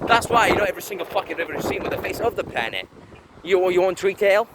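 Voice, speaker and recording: A man's voice: sits high, very animated, fast talker, heavy background noise. A man vlogging while walking along a street outdoors, ranting in a brash, profane, boastful way. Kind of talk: walking vlog rant.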